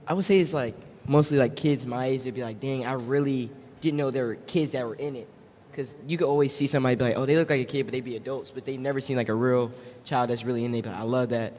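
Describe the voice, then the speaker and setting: A male actor and streamer speaking on a live panel in a relaxed, matter-of-fact way. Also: mid-range voice. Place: large event hall. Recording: hall reverb, faint noise.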